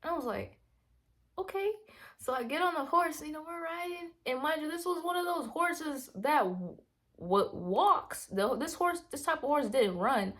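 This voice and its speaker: A woman vlogger casually telling a rambling personal story, acting out her own reactions in hushed asides. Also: sits high, moderate pace. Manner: animated, rambling, quotes herself in hushed asides.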